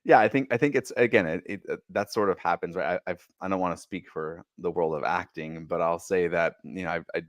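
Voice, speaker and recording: A man's voice: sits low, brisk, few pauses, no echo. A man hosting a podcast in casual interview chat, enthusiastic and stumbling over repeated words. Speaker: podcast host.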